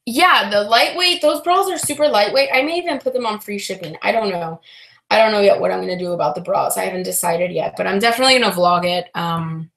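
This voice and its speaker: A young woman chatting casually to her live-stream viewers, rambling and frank with many fillers and restarts, sounding low and frustrated. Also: fast, vocal fry, a bit bright. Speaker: reseller vlogger answering live chat.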